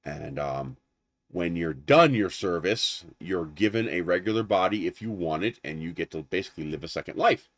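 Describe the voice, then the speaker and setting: A man's voice: low voice, moderate pace, no room sound. Rambling man chatting on a livestream. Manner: rambling, animated, laughs at his own jokes. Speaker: livestream host. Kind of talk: casual livestream chat.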